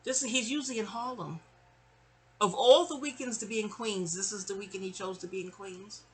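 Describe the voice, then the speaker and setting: A New woman in her fifties tells a rambling family story in a chatty, animated way. She often breaks off into asides. Her voice is bright and forceful. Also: medium pitch, brisk. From New York City. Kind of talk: casual storytime venting.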